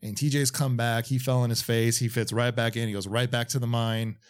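A man's voice: mid-range voice, flat delivery, fairly quick. Casting note: a man as a podcast co-host, blunt and matter-of-fact while summarizing. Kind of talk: casual movie discussion.

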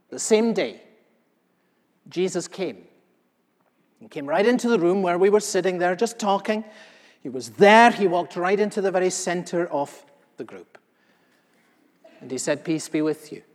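A pastor playing an aged apostle, solemn, in a reverberant hall. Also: male voice, high-pitched. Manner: earnest storyteller, swings from hushed to loud. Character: the elderly apostle John, solemn eyewitness. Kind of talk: first-person dramatic sermon monologue. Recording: long reverb of a large hall.

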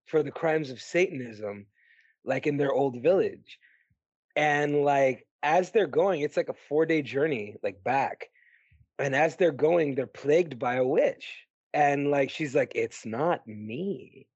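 A man co-hosting a podcast, chatting casually about movies in an animated, ranting way and swearing freely. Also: on the high side, unhurried, husky, no room sound. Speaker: podcast co-host. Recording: dry, dull lo-fi sound.

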